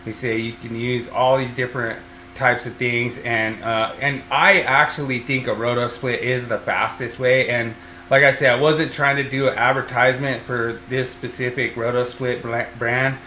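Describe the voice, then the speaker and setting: A man's voice: mid-range voice, flat delivery, normal speed, bright, forceful tone, a little hiss or hum. A man hosting a podcast as an electrician, talking casually and rambling with lots of fillers and restarts. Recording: roomy echo.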